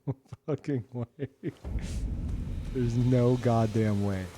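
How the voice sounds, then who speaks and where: A man streaming a game with live commentary, swearing and incredulous, jumping between loud outbursts and low mutters. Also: drawn-out words, a little hiss or hum.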